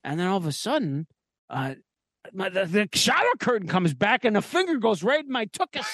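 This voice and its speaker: A man's voice: high voice, sing-song, moderate pace, fairly bright tone, no room sound. A man hosting a podcast, telling a crude comic horror story in a rambling way and laughing at his own jokes. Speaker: podcast host. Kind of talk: comedic spooky storytelling.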